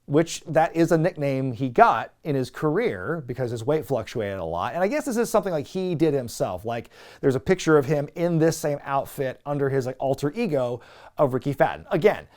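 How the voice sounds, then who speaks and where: A man's voice: on the high side, lively intonation, a little fast, a little mellow. Sarcastic man recapping wrestling. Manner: sarcastic, swears, mocks dialogue with quoted impressions. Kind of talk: casual recap commentary.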